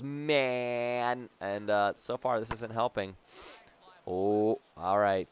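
A young man casually commentating his own baseball video game, joking around and breaking into loud cheers and yells. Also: on the low side, clean tone. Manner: excitable, jokey, bursts into loud cheers and yells. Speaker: gaming YouTuber.

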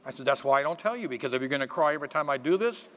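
Bright-voiced man preaching a sermon. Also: a little high, very fast, slight background noise. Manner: animated storytelling, swings between loud preaching and hushed asides. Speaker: pastor. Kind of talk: sermon with personal stories. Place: church sanctuary.

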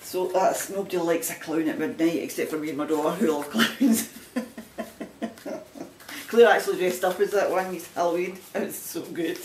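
A woman's voice: fairly low pitch, moderate pace, a little mellow. A woman with a Scottish accent chatting casually to camera as a knitting vlogger, rambling and laughing often. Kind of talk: casual chat showing items to camera. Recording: roomy sound from a distant mic with faint background noise.

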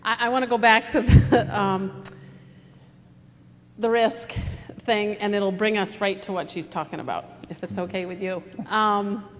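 A woman's voice: medium pitch, unhurried. A woman in her forties from the United States, speaking as a panelist at a live forum, telling stories in a rambling, conversational way full of fillers. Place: large auditorium stage. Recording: long hall reverb, faint noise.

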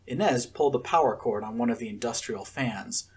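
Husky-voiced man reading a story. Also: medium pitch, brisk. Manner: expressive storytelling. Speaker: narrator. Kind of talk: audiobook fiction reading.

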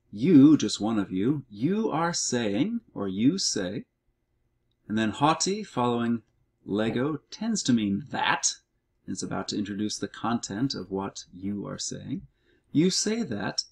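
A middle-aged man explaining grammar in a recorded language lesson walkthrough, reading words out slowly and methodically. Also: fairly low pitch, gravelly, a little mellow, husky. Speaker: Greek teacher.

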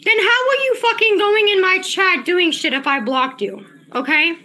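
A woman's voice: very high voice, normal speed, pushed and bright. A woman livestreamer angrily ranting at her chat, confrontational and profane, repeating herself. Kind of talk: angry livestream rant to chat.

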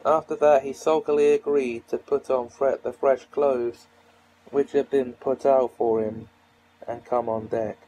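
Slow, mellow male audiobook reader. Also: medium pitch, steady tone, a little hiss or hum, poor audio. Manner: slow, measured storytelling. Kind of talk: reading a novel aloud.

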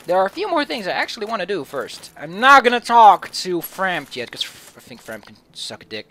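A let's play host giving joking gameplay commentary, animated and goofy, switching between loud outbursts and mumbling. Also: mid-range voice, brisk.

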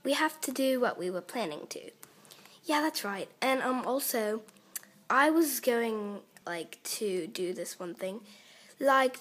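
A girl voicing a female pop star who rambles through tour plans, full of fillers. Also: medium pitch. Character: bossy female pop star on tour talking to her backing singers.

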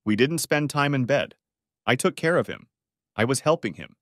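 A man's voice: mid-range voice, expressive, moderate pace, dry recording, clean studio sound, voice pushed up, lightly acted. A man voicing an angry, defensive wife in an audiobook story, shrieking and indignant. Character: angry betrayed wife, shrill and accusing.

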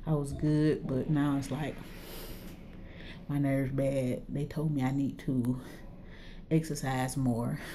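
A woman's voice: very deep voice, flat delivery, takes it slowly, long pauses, mellow, slight background noise. A woman chatting casually into her phone in a clinic waiting room, nervous and laughing between phrases. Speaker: vlogger. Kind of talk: casual vlog chat.

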